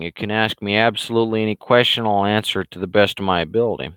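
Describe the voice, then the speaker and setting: Sarcastic man with a scratchy throat, hosting a livestream; low, smooth voice, rambling and swearing. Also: fast talker, hardly any pauses, a bit bright, dry recording. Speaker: cartoonist hosting a weekly live show. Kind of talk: casual livestream commentary.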